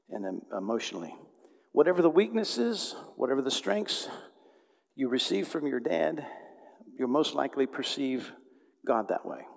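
Animated preacher in a reverberant hall. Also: male voice, mid-range voice, creaky. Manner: animated, swings between loud outbursts and hushed tones. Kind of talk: storytelling sermon.

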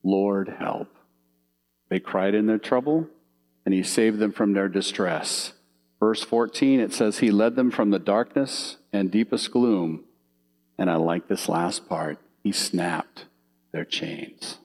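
A man's voice: on the low side, unhurried, low-quality recording. A man preaching a sermon from slides, telling vivid little stories and asking the audience questions. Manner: animated storytelling, asks the audience questions.

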